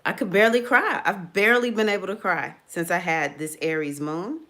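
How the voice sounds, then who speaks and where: A middle-aged woman, an astrologer, talking casually about her own experiences. She acts out her past thoughts in a high voice and laughs often. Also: brisk, sharp tone. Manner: laughs often, loose and conversational. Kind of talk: casual personal talk.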